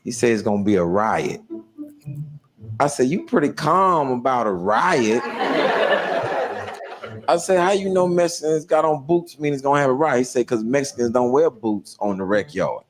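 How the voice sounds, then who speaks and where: A man's voice: medium pitch, moderate pace, background noise. A man telling a stand-up comedy story, voicing the people in it and laughing through his lines. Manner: animated, voices other inmates, laughs through lines.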